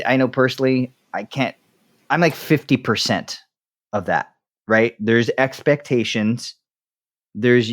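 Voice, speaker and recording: A man with a mid-range voice that swoops up and down a lot trades blunt, wry remarks on a podcast. He laughs readily between points. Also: mid-range voice. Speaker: podcast co-host. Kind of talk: casual podcast conversation.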